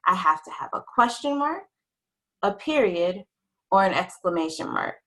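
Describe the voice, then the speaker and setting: Young woman teacher talking to little kids, slow sing-song voice, lots of ups and downs. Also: mid-range voice, big pitch swings, bright, forceful tone, low-quality recording.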